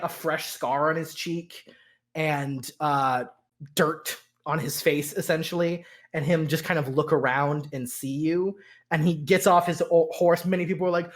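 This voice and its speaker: A man narrating a tabletop role-playing game as game master, hesitant and full of fillers. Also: on the high side.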